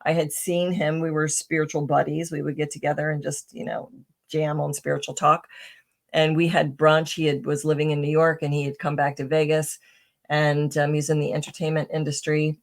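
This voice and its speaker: A woman's voice: low voice, little pitch movement, normal speed. A middle-aged woman, a podcast guest, telling personal stories in a chatty way with many fillers, restarts and a tag "right?". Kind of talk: casual interview storytelling.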